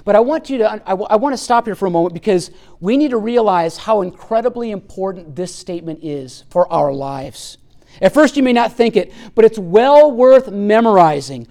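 A man preaching a sermon in an earnest, emphatic way, often dropping his voice low and soft to stress a point. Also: lively intonation, moderate pace. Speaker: pastor.

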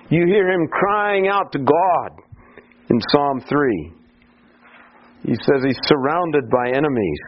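Slow, expressive preacher on dull radio audio. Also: male voice, a little high. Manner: slow, deliberate preaching, rising to pleading cries on quoted psalms. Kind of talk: sermon.

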